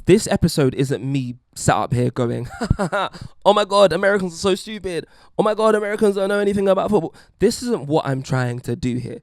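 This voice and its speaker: Gravelly man delivering a wry monologue. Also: mid-range voice, a little mellow, no room sound, studio quality. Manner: wry, emphatic, puts on mock voices. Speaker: podcast host. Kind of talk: opinion monologue.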